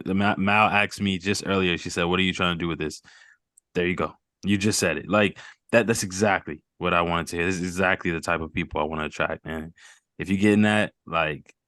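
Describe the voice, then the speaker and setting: A man's voice: deep voice, fairly bright tone, no echo, studio quality. A man hosting a mental health group call, talking earnestly and rambling, repeating words and laughing off his emotions.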